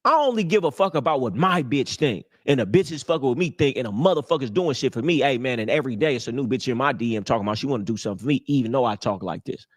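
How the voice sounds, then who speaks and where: A man's voice: medium pitch, fast talker, few pauses. A young man hosting a live stream, giving casual dating advice in a brash, boastful, profane street-talk manner. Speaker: livestream host.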